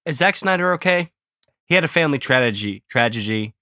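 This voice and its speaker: A man's voice: on the high side, animated, fast talker, pushed and bright, dry recording, clean studio sound. A man co-hosting a podcast in casual chat, blunt and jokey in his opinions. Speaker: podcast co-host.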